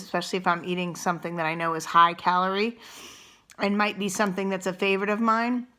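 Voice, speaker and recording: Middle-aged female wellness coach, bright tone, gentle unhurried guidance, talks while chewing. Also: fairly low pitch. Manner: eats and chews while talking. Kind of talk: guided mindful eating demonstration.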